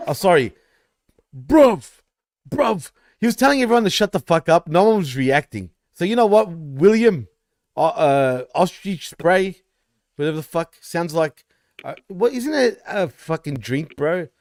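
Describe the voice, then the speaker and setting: A man's voice: on the high side, big pitch swings, moderate pace, darkish tone, no room sound, studio quality. A man co-hosting a casual wrestling podcast, swearing freely, teasing and laughing often. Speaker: podcast co-host.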